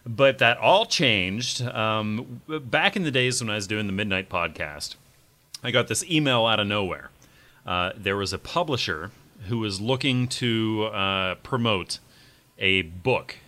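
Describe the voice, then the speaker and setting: A man's voice: fairly low pitch, sharp tone. A man hosting a podcast, talking in a rambling casual way with many fillers. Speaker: podcast host. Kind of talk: casual chat.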